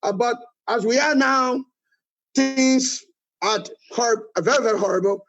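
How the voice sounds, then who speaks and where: In a lo-fi recording, a Liberian-accented political movement leader in middle age answers an interviewer with pointed, repetitive criticism. His voice is very high and a bit bright, and his pace is measured.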